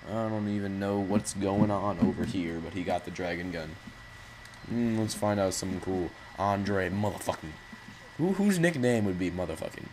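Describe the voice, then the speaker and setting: A man's voice: deep voice, a little hiss or hum, rough recording. A man hosting live gameplay commentary with rambling, jokey, self-mocking asides. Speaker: gaming channel host.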